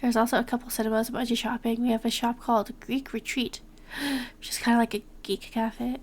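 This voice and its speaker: A young woman, chatting casually while streaming a game. She talks in a lively way and reads game text aloud. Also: on the high side, brisk. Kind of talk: casual gameplay chat.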